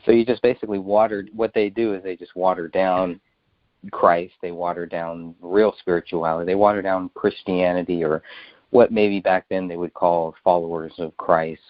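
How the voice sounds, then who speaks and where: A male host thinks aloud in a casual conversation, halting and repeating words as he goes. His voice is low. The audio is dry and dull, like a lo-fi recording. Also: steady tone, no echo.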